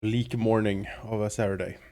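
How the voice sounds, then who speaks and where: A man with an early-morning gravelly voice, chatting and joking casually while playing a co-op strategy game. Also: fairly low pitch, steady tone, moderate pace, dark tone. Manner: laughs often, joking and chatty. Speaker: co-op game player. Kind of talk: casual gameplay chat.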